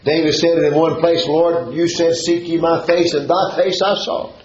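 A man's voice: on the high side, fairly even intonation, moderate pace, darkish tone, slight background noise. A man preaching a sermon, reading scripture and explaining it verse by verse with fervent, sing-song exclamations. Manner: reads and expounds scripture verse by verse. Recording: dull, echoey church recording.

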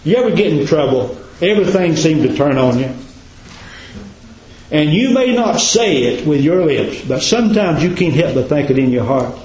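A man preaching a sermon as a pastor, repeating his points and dropping to a low, hushed voice for emphasis. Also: lively intonation, moderate pace. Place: church. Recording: echoey, dull church recording.

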